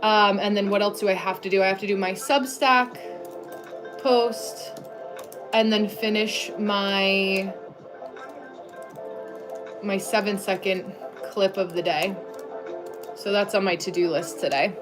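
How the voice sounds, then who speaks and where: A woman's voice: medium pitch, steady tone, takes it slowly, pauses often, over music. Chatty American woman greeting her stream chat. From United States. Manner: chatty, friendly, reads chat names aloud. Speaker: livestream host. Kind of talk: casual livestream chat greeting viewers.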